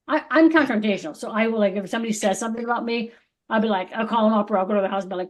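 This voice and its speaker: The recording is muffled as a middle-aged woman co-hosting a podcast talks fast at a fairly high pitch. Her casual spiritual pep talk is emphatic, full of swearing and acted-out quotes from other people.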